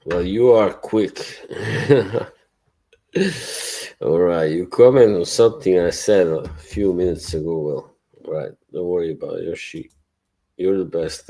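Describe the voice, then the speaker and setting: A man hosting a casual live stream talks to his viewers in an unhurried, rambling way, with plenty of swearing and laughter. His voice sits very low with a warm, mellow tone. He speaks slowly and loosely, as if thinking out loud. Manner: greets and answers chat viewers. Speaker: livestream host.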